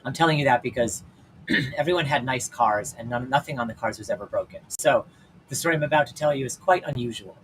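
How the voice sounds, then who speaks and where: Man, bright voice, animated storytelling, candid, chatty fillers, faint background hum. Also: mid-range voice, fast talker, poor audio. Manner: casual and candid, lots of "like" fillers; animated, swings between loud and hushed. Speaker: podcast host and life coach. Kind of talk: personal storytelling monologue.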